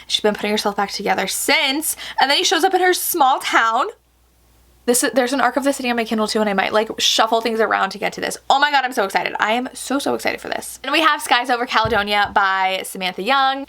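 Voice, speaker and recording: Bubbly gushing woman, slightly high voice. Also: bright, forceful tone. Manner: bubbly and gushing, many "like" fillers. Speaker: book reviewer. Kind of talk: casual chat.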